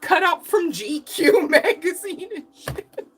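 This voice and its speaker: Woman, tarot reader, casual live reading, lots of laughter, cheeky slang, lively pitch. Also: slow. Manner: swears casually, uses slang.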